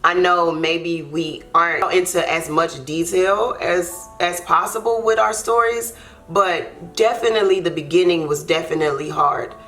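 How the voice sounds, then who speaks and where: A young woman with a slightly low voice tells a heartfelt storytime, earnest and unpolished, dotting her talk with casual fillers. Soft music plays faintly underneath. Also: normal speed. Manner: earnest, heartfelt, loose with fillers like "like" and "you know". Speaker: YouTube co-host. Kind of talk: emotional storytime.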